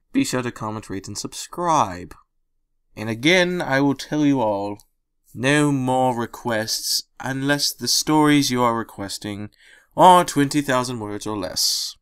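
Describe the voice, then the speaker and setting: A man narrating fan fiction aloud, then chatting casually with his listeners. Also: mid-range voice. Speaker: audiobook narrator.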